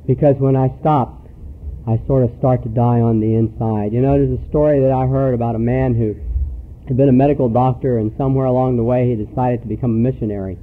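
A man giving a personal recovery talk to a meeting, telling stories earnestly with pauses. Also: mid-range voice. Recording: tinny phone-like recording.

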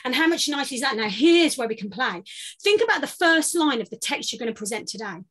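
A British woman leading a guided vocal warm-up workshop, giving playful, encouraging instructions. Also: high voice, very animated, a little fast. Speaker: voice workshop leader.

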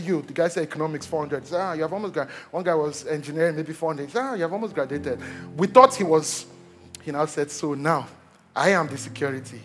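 A young Nigerian man, a pastor, telling a story in a sermon, joking with the congregation as he goes. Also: a little high. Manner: animated storytelling, jokes with the congregation.

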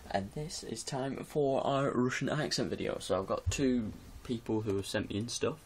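A man's voice: mid-range voice, moderate pace, darkish tone, husky. A man vlogging in his bedroom in casual, rambling chat to camera, giggling often. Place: bedroom with music posters on the wall.

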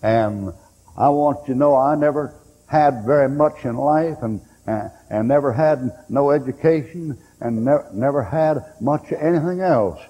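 A preacher man tells folksy stories from the pulpit, slipping into the voices of the people in them. His tone is dark and husky, and the recording carries a long hall reverb. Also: medium pitch, a little slow. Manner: folksy storytelling preacher, acting out quoted voices. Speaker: pastor. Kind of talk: sermon.

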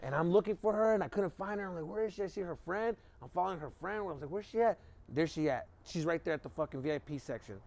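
A man with a high, light voice races through a story on a podcast. His talk is loose and profane, and he slips into quick impressions of the people in the tale. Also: darkish tone. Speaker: podcast guest. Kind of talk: casual storytelling chat.

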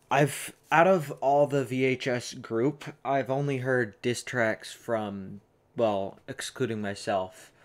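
A man hosting a casual song reaction video, talking in a hesitant, rambling way and often correcting himself mid-sentence. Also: mid-range voice. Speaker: host reacting to songs.

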